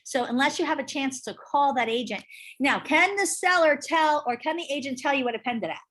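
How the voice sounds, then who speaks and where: Brisk, emphatic female instructor, slightly high voice, chatty with her class. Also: lively intonation, fairly bright tone. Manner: brisk, emphatic, chatty, asks the group questions. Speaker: real estate instructor. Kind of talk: casual teaching talk to a class.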